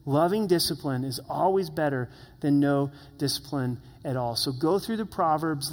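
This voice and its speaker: A man's voice: a little high, in a large hall. A man preaching a sermon as pastor, earnest and conversational, asking the listeners questions.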